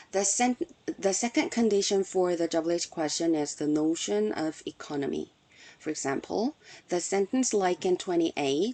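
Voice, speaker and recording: A woman's voice: low-pitched, a little mellow. A woman giving a scripted academic conference presentation, reading carefully and explaining step by step. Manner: reads carefully from prepared text, measured and explanatory.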